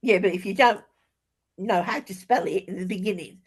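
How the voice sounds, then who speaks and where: A woman's voice: medium pitch, normal speed, slightly rough. A woman taking part in an online writing workshop, asking hesitant, self-deprecating questions over a video call. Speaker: workshop participant.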